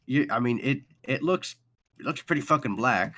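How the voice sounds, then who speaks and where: A man's voice: medium pitch, animated, normal speed, sharp tone. A man narrating a tabletop game as game master, talking in a casual, rambling and profane way.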